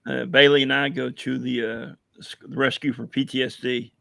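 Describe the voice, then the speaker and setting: A hoarse man chatting casually on a livestream as a veteran guest, rambling with many fillers and telling jokes. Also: mid-range voice, level tone, normal speed, a bit bright, no room sound. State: hoarse, losing his voice. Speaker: veteran guest running a coffee business.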